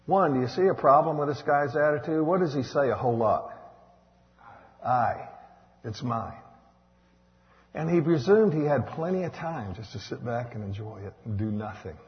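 Man preaching; big swings from shouts to hushes, long hall reverb, slightly muffled. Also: medium pitch, animated, moderate pace. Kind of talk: sermon. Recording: dull echoey hall recording.

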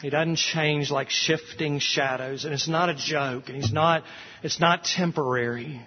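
A husky-voiced man preaching a sermon from the pulpit. His voice sits fairly high, and he stretches out the phrases that matter. The sound carries a long church-hall echo and is slightly muffled. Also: fairly even intonation. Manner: earnest preaching, slowing on key phrases. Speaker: pastor. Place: church sanctuary.

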